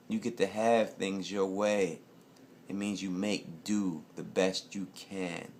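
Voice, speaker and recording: A man's voice: deep voice, vocal fry, slight background noise. An American man giving a loose, profane, rambling casual review of a TV episode. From United States. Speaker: TV show reviewer.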